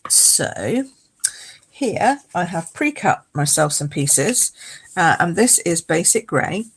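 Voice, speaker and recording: A woman hosting a live card-making demonstration, chatty and explaining each step as she goes, with a croaky voice. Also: fairly low pitch, sing-song, slow pace, low-quality recording.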